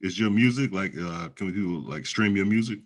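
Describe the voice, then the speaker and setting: Deep-voiced blunt male co-host. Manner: blunt, halting questions. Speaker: podcast co-host. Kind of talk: casual chat.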